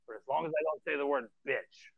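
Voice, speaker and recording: A man's voice: fairly high pitch, brisk, breathy edge, dry recording. A man who wrestles for a living telling stories in a casual podcast chat, blunt and profane, ranting with energy. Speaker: professional wrestler guest. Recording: dull lo-fi sound, dry.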